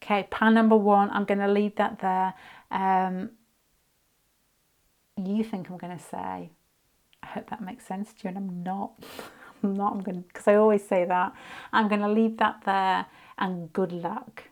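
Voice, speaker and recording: A woman's voice: medium pitch, flat delivery, moderate pace, pauses often. Chatty British woman reading tarot. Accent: British English. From United Kingdom. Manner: rambling and chatty, with side stories and quiet muttered asides. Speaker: tarot reader. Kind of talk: casual tarot reading to camera.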